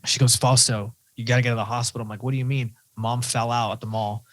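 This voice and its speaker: A man, a podcast guest candidly telling his own story and acting out his inner voice. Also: mid-range voice. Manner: fast, animated storyteller who acts out his own inner voice.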